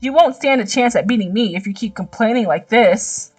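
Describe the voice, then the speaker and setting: Smug competitive young guy, slow and teasing, voiced by a woman, mic at a distance. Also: on the high side, expressive, darkish tone, no echo. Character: smug, competitive young man with a mean streak.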